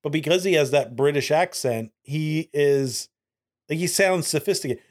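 A man co-hosting a casual podcast, animated, often repeating lines for laughs. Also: on the high side, moderate pace. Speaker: podcast co-host.

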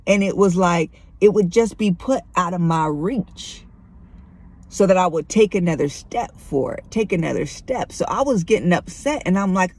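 A woman's voice: on the low side, expressive, unhurried, husky. A middle-aged woman speaking candidly and conversationally to her listeners, sharing a personal faith testimony. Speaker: Christian vlogger.

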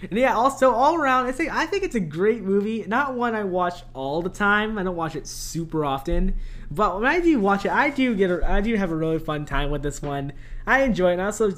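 A young man co-hosting a podcast, chatting casually about a movie, animated and laughing often. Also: high-pitched, fairly quick. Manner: animated, laughs often, quotes lines in funny voices. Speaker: podcast co-host. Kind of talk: casual movie review chat.

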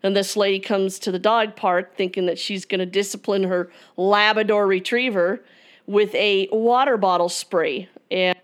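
A woman's voice: medium pitch, steady tone, moderate pace. Rambling woman telling dog stories. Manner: rambling storyteller, tells jokes. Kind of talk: casual chat.

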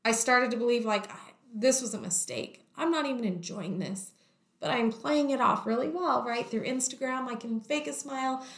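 A woman shares her own story as a guest, speaking candidly and packing her talk with "like." Her voice is a little high and slightly bright, at a moderate pace, in an echoey room.

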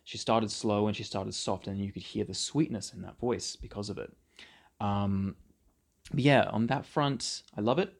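A man's voice: fairly low pitch, normal speed, vocal fry. A man co-hosting a casual music podcast, chatting with enthusiasm about favourite songs and albums. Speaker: podcast co-host. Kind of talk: casual chat.

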